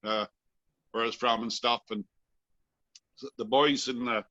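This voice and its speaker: A man's voice: mid-range voice, fairly even intonation, a little slow, pushed and bright. A man from Canada, a guest storyteller, chuckling through a rambling personal anecdote for a live audience. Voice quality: chuckling, self-deprecating, rambling with restarts. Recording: dull lo-fi live recording.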